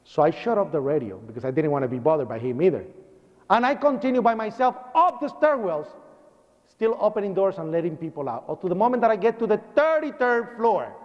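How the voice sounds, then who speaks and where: Puerto Rican man, high voice, animated storyteller, church hall reverb, dull broadcast sound. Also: a little fast. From Puerto Rico. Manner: animated storyteller acting out dialogue. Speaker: speaker. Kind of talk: personal testimony speech.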